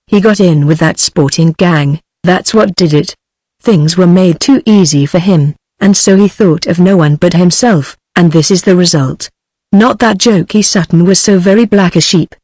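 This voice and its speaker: A woman's voice: fairly low pitch, no room sound. Dry synthetic British woman reading a story. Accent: British English. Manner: even, unvaried delivery that reads punctuation aloud. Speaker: narrator. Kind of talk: text-to-speech book reading.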